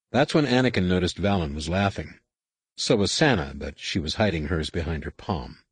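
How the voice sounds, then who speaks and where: A male narrator reading a novel aloud with expressive, storytelling intonation. His voice is lowish and husky, with lively rises and falls. The recording is dry and close, with no room sound. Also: moderate pace, no echo. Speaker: audiobook narrator. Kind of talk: scripted narration.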